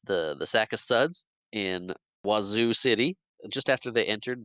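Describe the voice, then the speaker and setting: A man's voice: lowish voice, bright, forceful tone, smooth, no room sound. A man co-hosting a podcast, recapping a film in casual chat, rambling with restarts and acting out quoted lines. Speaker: podcast co-host.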